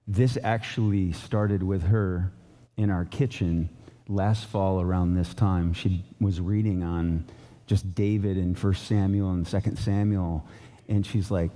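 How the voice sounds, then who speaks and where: A man's voice: sits low, steady tone, a little slow, warm tone. A middle-aged male pastor giving a conversational sermon in a church, talking loosely with fillers and restarts. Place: church auditorium.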